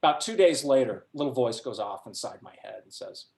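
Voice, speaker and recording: A middle-aged man presenting a workshop, telling a personal anecdote to a group with animated delivery and frequent laughs. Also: medium pitch, a little fast, slight background noise. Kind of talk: storytelling talk to a group. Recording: roomy echo.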